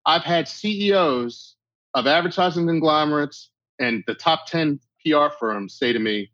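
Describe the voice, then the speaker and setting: A middle-aged guest on an interview gives blunt, emphatic tough-love advice, acting out quoted exchanges in a conversational way. His voice sits on the high side with a fairly bright tone and a moderate pace. The recording is dry, dull and lo-fi.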